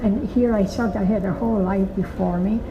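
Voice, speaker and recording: Older woman with a gravelly voice. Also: medium pitch, fairly even intonation. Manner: slow, halting, emphatic storytelling. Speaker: Holocaust survivor giving testimony. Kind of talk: recorded testimony. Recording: echoey, muffled recording with noise.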